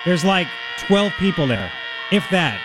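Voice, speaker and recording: A man hosting a talk radio show, mocking and sarcastic, with animated outbursts. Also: high-pitched, measured pace, heavy background noise.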